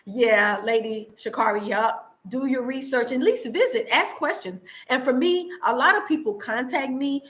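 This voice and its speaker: A woman's voice: sits high, moderate pace, few pauses, fairly bright tone, poor audio. A woman from the United States, chatting earnestly on a live stream from her home and answering viewers, with many restarts and repeats. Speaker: vlogger answering live chat. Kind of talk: casual live-stream chat. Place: home in Tanzania.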